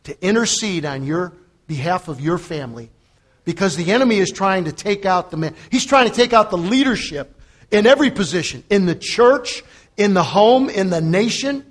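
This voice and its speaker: A man's voice: high voice, expressive, normal speed. Man preaching in a chatty storytelling way. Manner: storytelling, repeats phrases for emphasis; chuckles often while talking. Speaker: preacher and fitness coach. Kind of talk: conversational sermon.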